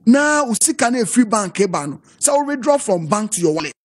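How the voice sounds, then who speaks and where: A man's voice: sits high, big pitch swings, brisk. A man with a Ghanaian accent arguing hard on a political panel, mixing English with Twi in an emphatic, insistent way. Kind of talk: heated political panel debate.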